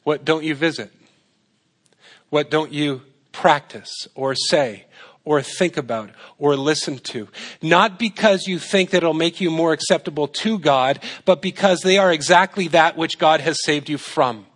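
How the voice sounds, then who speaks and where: A middle-aged man preaches to his congregation in an easy, talky way, with a voice that sits a little high. He keeps asking rhetorical questions and hammers his points home by repeating them. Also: unhurried, fairly bright tone. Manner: conversational preaching with rhetorical questions and emphatic repetition. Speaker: pastor. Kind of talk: sermon.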